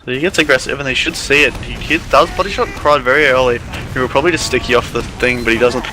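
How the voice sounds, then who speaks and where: A man casting a live online game match, calling the play quickly and chatting with his co-caster. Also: medium pitch, over music, poor audio. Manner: quick, chatty, laughs often. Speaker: esports caster.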